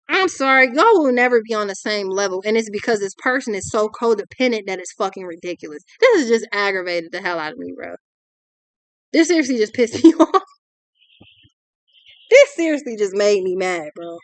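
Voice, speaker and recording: Woman, young adult, ranting tarot reading, blunt and profane, fairly high voice. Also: lively intonation, a little fast, dry recording. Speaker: tarot reader.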